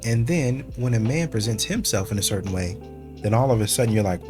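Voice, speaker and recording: A man hosting a reaction channel, commenting on clips in a measured, argumentative way. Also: on the low side, lively intonation, music in the background.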